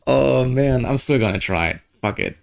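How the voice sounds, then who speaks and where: A young man from Germany with a German accent, giving casual gameplay commentary, excitable and swearing at the game. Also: mid-range voice, moderate pace, creaky. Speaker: gaming streamer.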